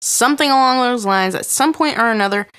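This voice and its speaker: Bright, high-voiced teasing woman. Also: clear, resonant tone. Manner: teasing, drawn-out punchlines. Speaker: podcast co-host. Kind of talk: casual banter.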